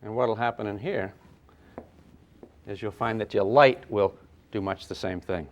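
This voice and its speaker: An older man teaching a physics class, lively and playful, with sound effects and acted asides. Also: fairly low pitch, measured pace. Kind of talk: classroom lecture at a whiteboard.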